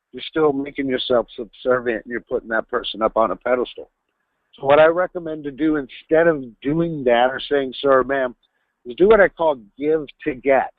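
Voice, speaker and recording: A man's voice: mid-range voice, dry recording. Man coaching over a tinny phone line. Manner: instructive, coaching, emphatic on key words. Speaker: sales trainer on a webinar. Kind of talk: sales training talk. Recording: tinny phone-line webinar audio, dry.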